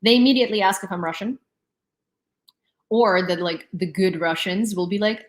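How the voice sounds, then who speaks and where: A woman's voice: medium pitch, brisk. Young lady rambling on stream, exasperated, lots of likes and you knows, echoey room. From Ukraine (Lviv). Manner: rambling, exasperated, many fillers. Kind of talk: casual chat.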